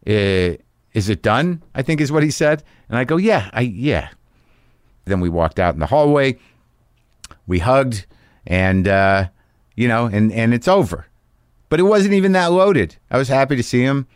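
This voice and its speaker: A man's voice: fairly low pitch, clean tone, no room sound, studio quality. Profane, rambling male podcast host. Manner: rambling, profane, self-deprecating storytelling. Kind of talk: casual monologue.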